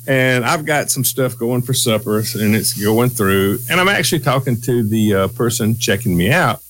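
Lively animated male radio host. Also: mid-range voice, no echo, rough recording. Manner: animated storyteller, breaks into loud laughter. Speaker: radio morning show co-host. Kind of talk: casual radio chat, storytelling.

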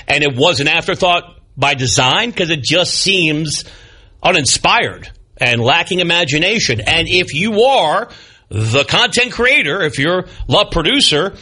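A man's voice: medium pitch, sharp tone, slightly rough. An older man hosting a sports talk show in a studio, giving opinionated commentary with wry self-deprecating asides. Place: broadcast studio. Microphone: studio microphone.

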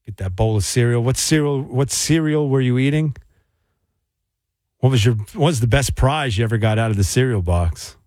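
A man's voice: medium pitch, moderate pace, a little mellow, dry recording, studio quality. A man hosting a call-in radio show, chatting loosely with many fillers and restarts. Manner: rambling, hesitant with fillers. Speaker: radio host.

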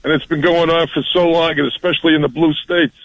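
A man calls in to talk radio, ranting with indignant heat. His voice sits a little higher than most men's and sounds dry and close. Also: fairly even intonation, fast talker, no room sound, low-quality recording. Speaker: caller.

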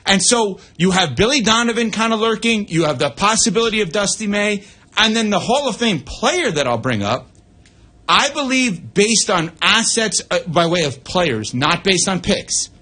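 A man hosting sports radio, reading the news and then giving brisk, opinionated analysis with asides into a studio mic. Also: high-pitched, very animated, sharp tone.

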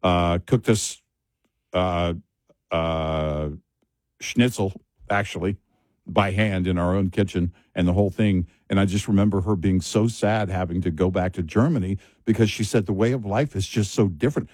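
A man from the United States talks in a low voice during a relaxed chat show. He rambles from one story to the next, circling back with restarts and side remarks. The sound is dry and close to the mic. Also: normal speed, no room sound. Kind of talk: casual chat.

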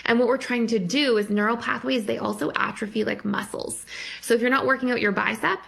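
Gravelly-voiced woman therapist explaining. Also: a little high, steady tone, fairly quick, a bit bright. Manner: explanatory, laughs easily. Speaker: guest therapist. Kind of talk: explaining on a radio call-in show.

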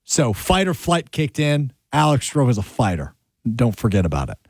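A man telling a dramatic personal story in a casual chat, acting out his own lines with big jumps in pitch. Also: normal speed, slight background noise. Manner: animated, rises sharply when acting out his own lines. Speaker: show regular telling a story.

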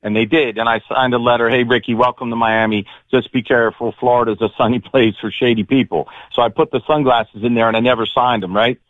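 Male caller, rapid eager storyteller, tinny phone line, mid pitch. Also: steady tone, dry recording. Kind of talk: call-in story.

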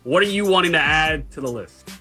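A man's voice: on the high side, lively intonation, fairly quick, pushed and bright, soft background music. A man co-hosting a sports talk show, casual and bluntly dismissive. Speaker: podcast co-host.

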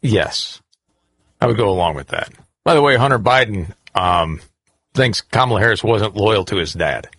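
A man hosting a talk show, leading the table in a relaxed, conversational way. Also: fairly low pitch, moderate pace, husky, no echo, clean studio sound. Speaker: host. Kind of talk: casual talk show chat.

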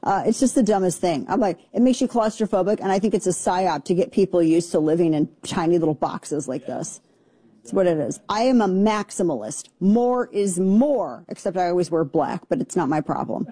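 A woman's voice: fairly low pitch, fairly quick, warm tone, breathy edge. A woman giving casual opinion commentary in an opinionated, sarcastic way.

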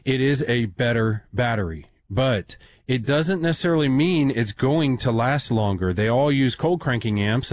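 A man's voice: medium pitch, no echo. Chatty male radio host, dry studio sound. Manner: chatty, self-deprecating, lots of uh and um. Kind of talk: call-in talk radio. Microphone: studio microphone.

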